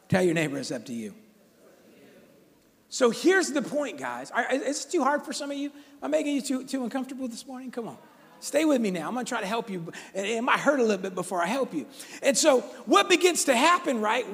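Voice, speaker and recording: A man preaching a sermon to his congregation, exhorting and joking with them in an animated way. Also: very high voice, vocal fry. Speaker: pastor. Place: church sanctuary. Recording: long church hall reverb.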